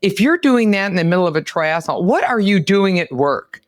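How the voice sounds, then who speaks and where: A woman hosting a podcast interview, an animated, exclamatory storyteller. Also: on the low side, moderate pace, no echo, clean studio sound. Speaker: podcast host. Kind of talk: lively interview chat.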